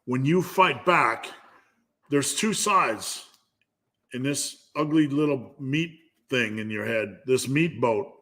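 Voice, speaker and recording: Blunt, slow-talking male fitness host. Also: medium pitch, bright, forceful tone. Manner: blunt, profane, pep-talk delivery. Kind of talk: live Q&A motivational talk.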